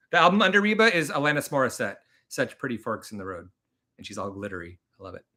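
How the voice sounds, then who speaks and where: A man's voice: medium pitch, quick pace, pushed and bright. A man hosting a casual live stream, chatting and rambling, laughing often as he talks.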